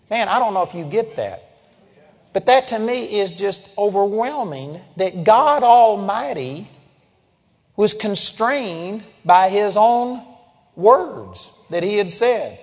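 High-pitched guy preaching, emphatic and punchy, long echo like a big hall. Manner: emphatic, swings between loud declarations and low intense passages. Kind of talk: sermon.

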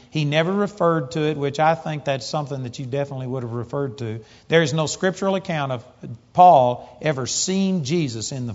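A man preaching a sermon, telling a personal story with animated, rising emphasis as he gets excited. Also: a little high. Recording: muffled sound with long hall reverb.

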